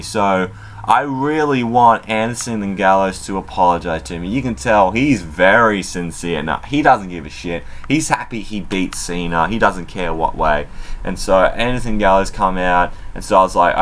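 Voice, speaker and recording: A man's voice: low-pitched, moderate pace, fairly bright tone. A man giving a casual spoken review of a wrestling show, loose and rambling, with many fillers and free swearing.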